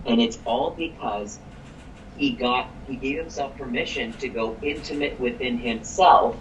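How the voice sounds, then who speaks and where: A man, a chiropractic coach and guest, telling a story on a live call in an energetic way, quoting people as he goes. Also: medium pitch, unhurried, dull audio, a little hiss or hum. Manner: energetic, quotes people in the story, repeats words when excited.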